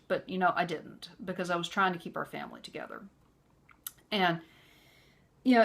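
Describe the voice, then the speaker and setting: A woman telling a personal story in an earnest, conversational way, filling pauses with "you know". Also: medium pitch, fairly bright tone. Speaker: vlogger.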